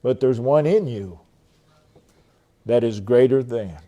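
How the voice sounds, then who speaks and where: A man preaching a sermon, stressing key phrases over and over and letting his voice fall away softly at the end of each thought. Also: mid-range voice, slow, lo-fi sound. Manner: emphatic, repeats key phrases, trails off softly at line ends.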